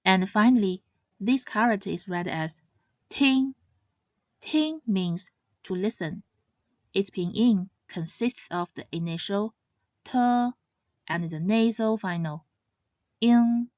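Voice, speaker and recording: A woman teaching Mandarin pronunciation in scripted narration, saying each example syllable louder and higher. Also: measured pace, dry recording. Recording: slightly dull, dry sound.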